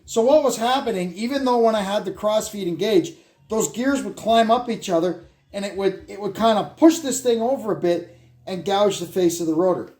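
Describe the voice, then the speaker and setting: The speaker is a man with a high-pitched, slightly mellow voice, working through a brake lathe repair in his garage. His casual how-to narration is halting and filler-laden as he thinks aloud, recorded by a phone set up nearby.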